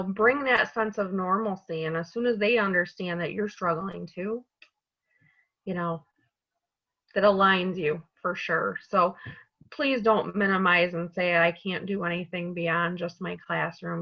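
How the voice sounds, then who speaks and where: A woman's voice: medium pitch, steady tone, unhurried, lo-fi sound. A woman on the staff of a community college, speaking earnestly and from the heart in a webinar panel discussion over a video call.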